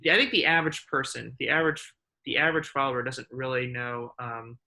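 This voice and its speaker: Bright-voiced man searching for words. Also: mid-range voice, fairly even intonation, brisk. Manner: hesitant, searching for words, many restarts. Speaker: guest. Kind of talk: casual conversation.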